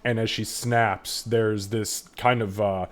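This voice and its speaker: A man narrating a tabletop game as game master, relaxed and full of fillers. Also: lowish voice, slow, noisy background.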